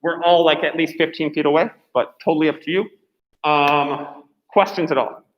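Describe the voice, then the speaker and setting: High-voiced teacher in an echoey classroom. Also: male voice, fairly even intonation, moderate pace, dull audio. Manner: chatty, encouraging, filler-heavy. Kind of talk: classroom instructions.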